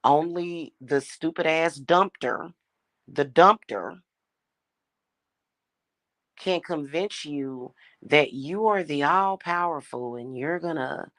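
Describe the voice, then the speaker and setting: A woman's voice: low voice, slow, pauses often, a bit bright, no room sound. A young woman venting in an angry, profane rant, blunt and scornful as she talks. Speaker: spiritual reader and vlogger. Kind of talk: angry ranting monologue.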